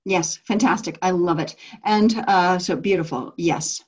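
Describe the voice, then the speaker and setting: A woman's voice: lowish voice, a little slow, husky. A woman leading a business coaching group call, enthusiastic and affirming, laughing often as she talks.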